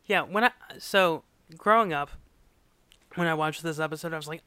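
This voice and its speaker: A man's voice: on the high side, moderate pace, clean tone, dry recording. A man co-hosting a casual podcast, retelling a sitcom episode with acted-out quotes and frequent laughs. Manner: animated storyteller, acts out quotes, laughs often. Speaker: podcast co-host recapping a sitcom. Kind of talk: casual chat.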